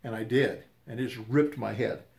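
An older man casually telling a rambling, animated story with repeated words and restarts. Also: medium pitch, moderate pace, gravelly.

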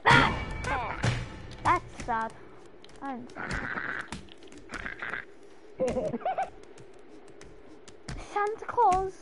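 A very high-pitched woman rambles slowly through silly jokes while she plays a video game. Loud game music runs behind her voice. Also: very animated, rough recording. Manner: silly, rambling, joking to herself. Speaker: gamer. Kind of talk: casual gameplay commentary.

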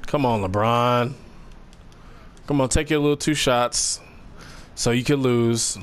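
A young man giving casual, slangy, excitable commentary over a basketball video game, trash-talking the players. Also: medium pitch, slow, clean tone. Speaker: gaming commentator.

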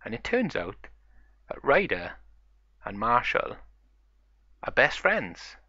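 A man's voice: medium pitch, huge pitch swings, slow, pushed and bright, dry recording, muffled recording. A man narrating a toy play story in a chatty, run-on way.

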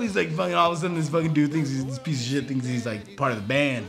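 Profane, gravelly-voiced man telling a story. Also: fairly high pitch, fast talker, hardly any pauses, faint music behind. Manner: rambling, profane, animated. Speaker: comedian. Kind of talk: crude comic retelling of a film.

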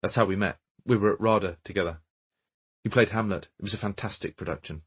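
A man reading the part of a nervous young English actress in an audiobook, quiet and hesitant. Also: fairly low pitch, fast, slightly rough. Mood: wistful.

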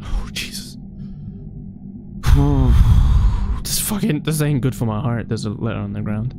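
Man, horror game commentary, jumpy, constant swearing, mid-pitched voice, game music behind. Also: a little slow. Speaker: gamer playing a horror game. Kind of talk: casual gameplay commentary.

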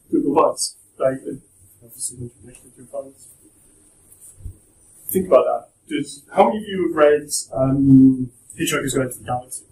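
A man's voice: fairly high pitch, darkish tone, a little hiss or hum. Young male guest speaker, chatty and jokey, echoey room, heard from a distance. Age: young adult. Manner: chatty, joking, with restarts. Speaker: guest speaker at a university talk. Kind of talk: casual presentation to students. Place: lecture room.

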